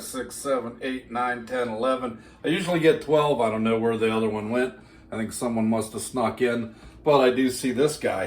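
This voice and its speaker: A man running a home cooking video, chatting in a folksy, teasing way as he talks his viewers through each step. His voice sits in a middling register and rings off the hard walls of an echoey kitchen, with a faint hum underneath. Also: mid-range voice. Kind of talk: casual cooking demonstration.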